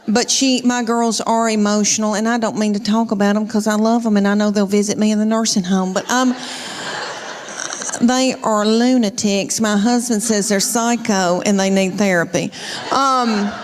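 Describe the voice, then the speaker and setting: A middle-aged woman with a Southern US accent doing stand-up comedy, telling chatty, folksy stories with teasing asides on stage before a live audience. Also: medium pitch. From Southern United States. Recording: live hall with long reverb and audience noise.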